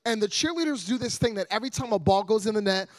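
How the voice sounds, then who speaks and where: High-voiced, lively young man preaching. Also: fast. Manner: energetic, joking, rises to loud preaching. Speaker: guest evangelist preacher. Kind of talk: sermon.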